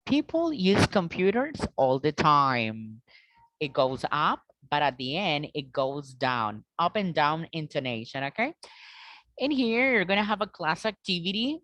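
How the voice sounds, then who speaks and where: Slow-talking woman teacher on a video call. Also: low-pitched, fairly bright tone, no echo, highs cut off. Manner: patient, repeats and checks with students. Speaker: English teacher. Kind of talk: online class instruction.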